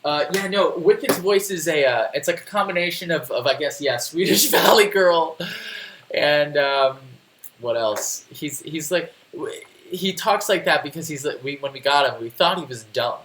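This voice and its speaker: A man's voice: fairly high pitch, normal speed, a bit bright, roomy sound, a little hiss or hum, low-quality recording. A man casually walking viewers through a phone tutorial on a live stream, rambling and answering chat. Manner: chatty, rambling, reads chat aloud, restarts often. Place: home desk.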